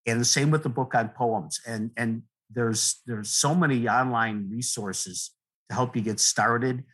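A middle-aged man, a guest poet, talking in a rambling, earnest way, with many restarts and soft laughs. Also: mid-range voice, a little slow, husky, poor audio. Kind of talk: relaxed conversational interview.

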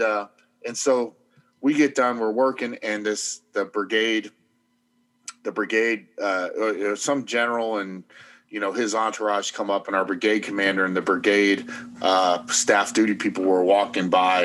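A man with a fairly low voice tells an army story in easygoing conversation. He rambles a little, with fillers and restarts, in a casual storytelling way. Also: a bit bright. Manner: loose anecdotal telling with many fillers. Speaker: podcast host, army veteran.

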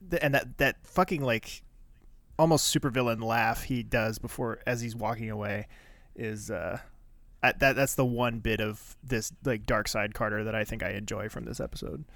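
A man's voice: lowish voice, steady tone, moderate pace, creaky, sharp tone, dry recording. A man co-hosting a podcast, chatting casually in a loose, rambling way. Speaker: podcast co-host. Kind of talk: casual chat.

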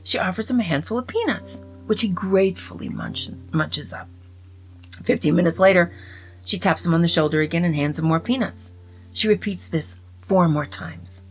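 A woman's voice: fairly low pitch, moderate pace, poor audio. A woman casually reading jokes aloud, chatting between them and often dropping to a whisper, with faint music behind. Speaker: joke reader. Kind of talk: casual joke telling.

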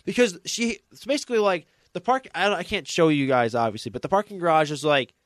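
A man's voice: a little high, expressive, fast talker, no room sound, clean studio sound. A young man hosting a podcast, telling a long rambling story in casual chat with many restarts. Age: young adult. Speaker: podcast host.

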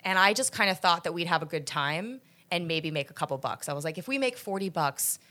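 A woman guest chatting casually in an interview, animated, laughing often and full of fillers. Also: fairly low pitch, fast talker. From United States. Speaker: podcast guest.

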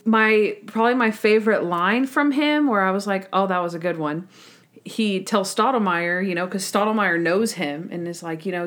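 Giggly woman recapping a show. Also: lowish voice. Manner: giggly, acts out quotes in exaggerated voices. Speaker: podcast co-host. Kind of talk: casual chat recapping a TV episode.

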